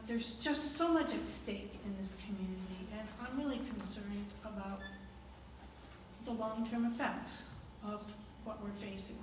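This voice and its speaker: A woman gives an earnest, halting public comment at a town meeting. Her voice sits a little high and carries from a distance. The recording is very echoey and noisy, like a large meeting hall. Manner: earnest, hesitant, with fillers and restarts. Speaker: resident speaking at public meeting.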